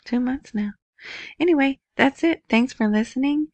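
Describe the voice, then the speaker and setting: A woman's voice: sits high, moderate pace, darkish tone, no room sound. A woman hosting a casual news commentary, chatty, who often asks "right?". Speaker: video host.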